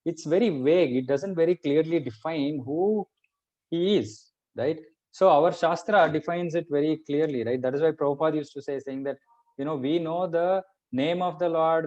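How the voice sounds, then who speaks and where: Higher-voiced man teaching scripture. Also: a little mellow. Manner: explains patiently, keeps checking in with "right?". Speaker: Bhagavad Gita teacher. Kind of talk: conversational scripture class. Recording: muffled lo-fi recording.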